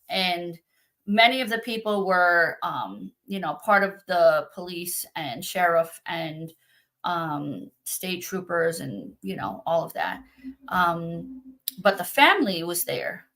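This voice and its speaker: Bright-voiced woman telling a story. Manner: animated, acts out quotes in a high voice. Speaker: psychic medium guest. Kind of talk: storytelling in an interview.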